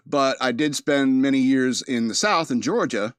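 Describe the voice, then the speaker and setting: A man's voice: medium pitch, slow pace, clean tone, no echo, studio quality. Rambling man with a mid-Atlantic American accent. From East Coast of the United States. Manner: rambling, joking, laughs often. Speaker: podcast host. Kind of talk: casual monologue.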